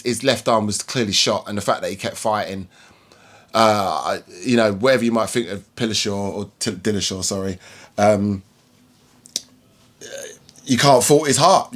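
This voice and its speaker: A man's voice: fairly low pitch, fairly bright tone. A man giving a casual, rambling fight review, full of ums and restarts. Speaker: MMA vlogger.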